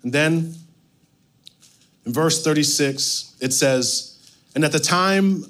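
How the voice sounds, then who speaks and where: A male pastor preaching a sermon, reading scripture and retelling it with animated, playful asides. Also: on the high side, slow pace.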